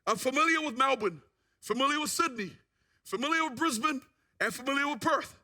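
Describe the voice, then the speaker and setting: Bright-voiced New man telling his story. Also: very high voice, a little fast. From New Zealand. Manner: animated storyteller who acts out what people said. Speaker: guest speaker giving a testimony. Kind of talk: church testimony storytelling.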